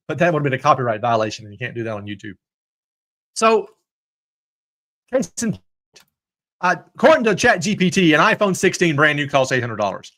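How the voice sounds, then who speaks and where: A man's voice: a little high, sharp tone. A middle-aged man hosting a livestream talk, emphatic and jokey, speaking to his viewers in the chat. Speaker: host.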